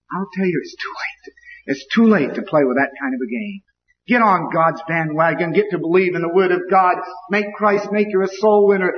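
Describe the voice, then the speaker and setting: A man preaching a fiery, emphatic sermon with lots of repetition, heard in a large, echoing hall on a dull, lo-fi recording. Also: on the high side.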